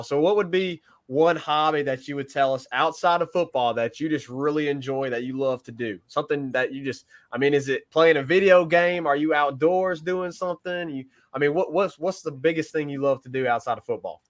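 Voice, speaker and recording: A man's voice: a little high, fairly quick, hardly any pauses. A man co-hosting an interview show, asking long, winding questions in an earnest way. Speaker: podcast co-host.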